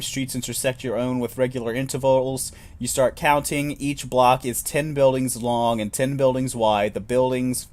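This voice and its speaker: A man's voice: medium pitch, a little mellow. A man reading a solo tabletop role-playing game aloud, narrating in second person with wry, self-deprecating asides.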